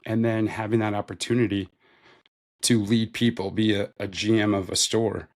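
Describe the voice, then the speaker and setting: A man's voice: lowish voice, flat delivery, normal speed. A man in his thirties, a podcast guest, recounting his career in a loose, conversational interview style, with lots of "like". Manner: loose and conversational, heavy use of "like". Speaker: podcast guest, retail store manager. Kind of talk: casual interview storytelling.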